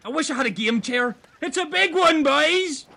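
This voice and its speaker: Excitable high-voiced man. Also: moderate pace, creaky, a little hiss or hum. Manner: excitable, rambling and crude. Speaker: castaway fisherman character in comedy improv. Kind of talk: improvised comedic role-play.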